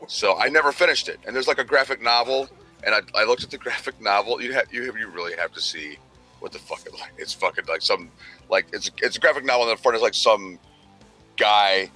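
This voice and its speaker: Low-voiced male co-host, bright tone, rambling and profane, light music underneath. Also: brisk. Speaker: podcast co-host. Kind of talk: casual chat.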